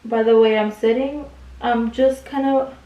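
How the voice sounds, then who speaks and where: A young woman with a slightly high voice tells a long story to her camera while she does her makeup. She is loose and chatty, swears freely and leans on "like" constantly. The room sounds echoey, and she sits back from the mic. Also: fairly even intonation, unhurried, dark tone, highs cut off. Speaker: beauty vlogger. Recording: roomy sound, mic at a distance.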